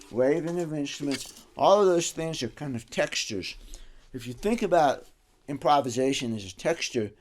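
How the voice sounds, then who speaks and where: A man giving a casual music lesson, animated and rambling, dropping to a soft voice and rising loud again as he explains. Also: medium pitch. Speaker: music teacher. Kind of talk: casual instructional talk.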